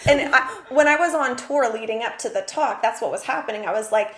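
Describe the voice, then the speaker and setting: A woman's voice: a little high, a little fast, a bit bright, reverberant. A woman hosting a podcast, talking candidly and animatedly, with casual swearing. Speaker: podcast host. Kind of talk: candid conversational chat.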